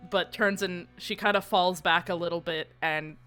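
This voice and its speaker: A woman playing a tabletop role-playing game, casually describing her character's actions and speaking her lines quietly. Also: on the low side, fairly even intonation, normal speed, soft background music. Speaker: player.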